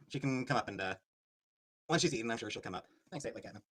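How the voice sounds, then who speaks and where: A man's voice: mid-range voice, lively intonation, fast, a bit bright, breathy edge. A man livestreaming, irritated and swearing as he snaps at his chat. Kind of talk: livestream rant.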